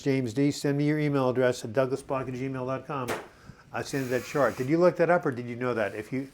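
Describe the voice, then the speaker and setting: A man in his seventies hosting a live chat, reading viewer comments aloud and answering them in a halting, encouraging way. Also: medium pitch, slight background noise. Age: 70s. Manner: halting, frequent uh and repeated words.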